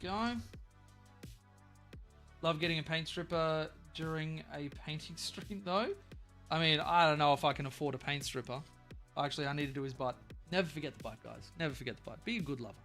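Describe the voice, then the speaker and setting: High-voiced Australian guy rambling while painting. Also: moderate pace, pauses often, a bit bright, soft background music. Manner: rambling and profane, with bursts of silly wordplay. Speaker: streamer painting miniatures. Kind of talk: casual live-stream chat.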